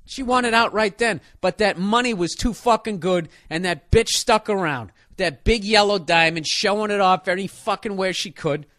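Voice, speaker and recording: A man's voice: high voice, moderate pace, few pauses, fairly bright tone, no room sound, clean studio sound. A man comedian delivering a profane, sarcastic rant in a casual monologue style. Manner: ranting, sarcastic, heavy swearing.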